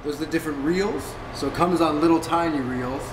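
A man giving a calm, explanatory tour of a movie theater projection booth. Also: on the high side, fairly quick. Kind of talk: casual guided tour. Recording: echoey booth with loud machine noise.

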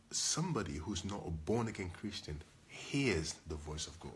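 A man's voice: deep voice, slight background noise. A man preaching a sermon as a pastor, emphatic and repetitive, asking the congregation questions.

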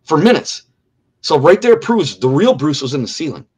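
A man's voice: a little high, very animated, normal speed, a little mellow, slightly rough. A middle-aged man giving an earnest personal testimony in an interview, repeating key phrases for emphasis. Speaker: interview guest.

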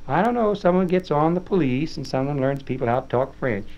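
A man's voice: a little high, animated, brisk, creaky, darkish tone. A man giving a folksy dramatic reading as a boy narrator, in plain-spoken rural dialect, on a dull old record.

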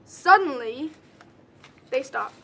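A young woman earnestly narrates and explains a student drama presentation. Her voice is high and bright and sounds clear, with a crisp edge. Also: expressive, slow.

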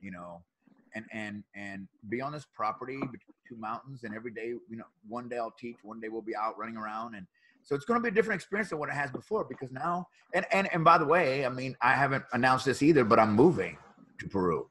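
This husky-voiced man in his fifties has a bright, forceful edge to his speech. He tells stories with energy, laughs often and stumbles over repeated words as he goes. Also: mid-range voice, fast talker, rough recording. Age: 50s. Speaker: podcast guest. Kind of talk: animated storytelling.

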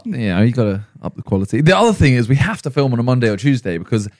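A man's voice: mid-range voice, very fast, dry recording, studio quality. A young man co-hosting a podcast, telling stories animatedly in casual chat and acting out what others said. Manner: animated storyteller, acts out quotes, laughs loudly. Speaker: podcast co-host.

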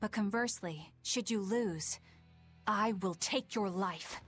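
An actress voicing a cocky, combative young woman duelist in a video game, calling out high battle cries. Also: slow pace, a bit bright, husky, dry recording, faint music behind. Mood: threatening.

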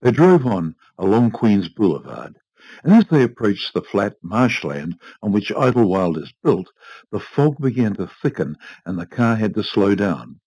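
A man narrating a short story aloud in a measured, expressive reading. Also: on the low side, no room sound, rough recording. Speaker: reader. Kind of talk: audiobook narration.

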